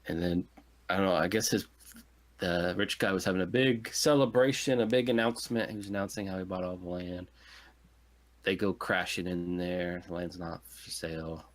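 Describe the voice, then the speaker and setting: Male podcast co-host, deep low register, sardonic casual movie recap. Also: fairly even intonation. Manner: sardonic, recaps the plot in quick fragments. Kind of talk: casual movie review chat.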